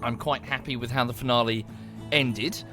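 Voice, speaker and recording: A man's voice: mid-range voice, fairly even intonation, moderate pace, music in the background. A man chatting casually to viewers during a livestream, rambling and thanking them as he goes.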